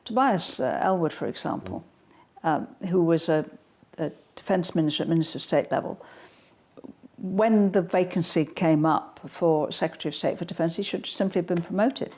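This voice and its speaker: A woman's voice: on the low side, moderate pace, darkish tone. An older woman being interviewed at home, talking in a forthright, blunt, straight-talking manner. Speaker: guest. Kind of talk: political interview.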